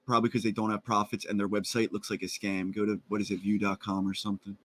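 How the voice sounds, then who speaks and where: A man's voice: fairly low pitch, flat delivery, fast talker, dry recording. A man in a casual group voice chat about stocks, talking bluntly and rambling, with plenty of swearing, over a computer mic. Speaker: Discord voice chat participant.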